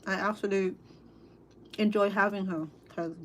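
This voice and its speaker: Chatty Cambodian woman with halting speech. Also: mid-range voice, steady tone, fairly bright tone, a little hiss or hum. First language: Khmer. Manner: chatty, halting, with frequent fillers and restarts. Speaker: cooking vlogger and interpreter. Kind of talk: casual livestream chat while eating. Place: at home at a dinner table.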